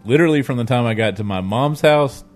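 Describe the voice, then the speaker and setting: A man's voice: medium pitch, fast talker, soft background music. A man co-hosting a casual gaming podcast, telling a story and reading a forum post in a laid-back way. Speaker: podcast co-host.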